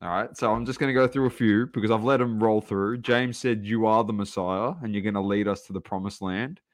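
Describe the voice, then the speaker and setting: A man's voice: lowish voice, fairly even intonation, a little fast. A man hosting a podcast in casual chat, reading out viewer comments briefly. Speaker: podcast host.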